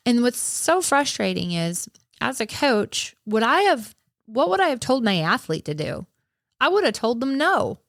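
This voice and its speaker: A woman hosting a podcast who tells a personal story in a casual way, candid and lively, swearing and laughing often. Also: fairly high pitch, a little slow, no echo, studio quality. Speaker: podcast host and running coach.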